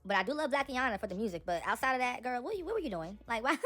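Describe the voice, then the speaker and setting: A young woman giving casual, animated celebrity gossip commentary, talking straight to her viewers. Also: fairly high pitch, racing, faint music behind.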